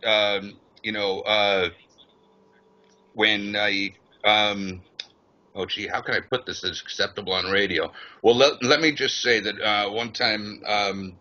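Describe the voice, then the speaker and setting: A man speaking as a radio show guest, chatty and halting, with many fillers. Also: fairly low pitch, fairly even intonation, sharp tone. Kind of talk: radio interview talk. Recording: dull lo-fi call audio.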